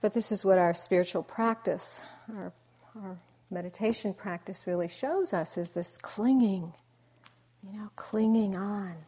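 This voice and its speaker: Unhurried, reflective woman meditation teacher. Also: medium pitch, slightly rough. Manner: reflective, unhurried, with soft asides. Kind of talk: dharma talk.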